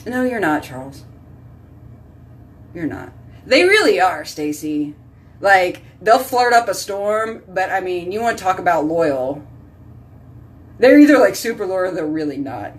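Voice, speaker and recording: A woman's voice: fairly low pitch, big pitch swings, a little slow, long pauses, recorded from a distance. A woman hosting a casual live stream, chatting with viewers by name and rambling from topic to topic. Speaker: host reading live chat.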